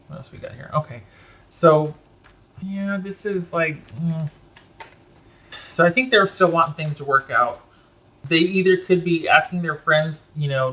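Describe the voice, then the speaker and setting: Bright-voiced man reading tarot. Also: on the high side. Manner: thinks aloud while turning cards, self-correcting. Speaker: tarot reader. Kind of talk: casual tarot reading to camera.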